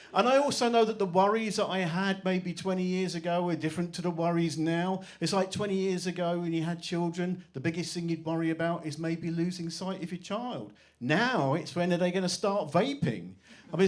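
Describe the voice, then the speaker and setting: Swearing stand-up comic in his forties. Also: on the high side. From England. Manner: swearing, acts out quoted voices of his family. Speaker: stand-up comedian. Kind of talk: stand-up comedy set. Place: comedy club stage.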